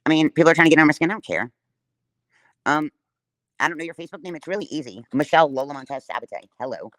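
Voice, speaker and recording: A woman's voice: low voice, lively intonation, quick pace, a bit bright, dry recording. A woman livestreaming a defiant, profane rant straight at her viewers.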